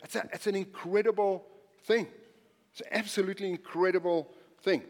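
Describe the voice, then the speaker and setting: A male pastor preaching a sermon, animated and emphatic, repeating phrases and swinging from quiet to loud. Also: sits high, fairly quick, big-room sound.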